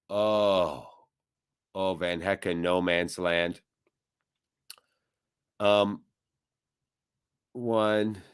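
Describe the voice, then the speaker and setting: A man hosting a live football watchalong, commentating on the match and chatting with viewers, with loud reactions to big moments. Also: fairly low pitch, clean tone. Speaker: watchalong host.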